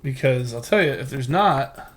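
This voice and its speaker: Male game streamer, mid-pitched voice, rambling live commentary, self-mocking and thinking aloud. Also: expressive, moderate pace.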